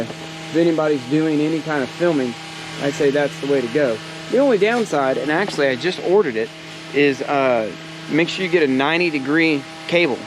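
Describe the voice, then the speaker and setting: DIY vlogger, chatty and rambling, animated voice, outdoor noise behind him. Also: male voice, medium pitch. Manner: rambling and joking, given to side rants. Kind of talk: casual workshop chat. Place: outdoors at a backyard project.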